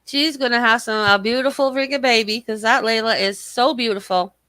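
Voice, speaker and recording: A woman hosts a casual livestream, reading out chat and swearing freely while mocking her rivals in a profane, rambling way. Her slightly high voice is pushed and bright, fairly quick with fairly even intonation, her throat a little scratchy, with no room sound.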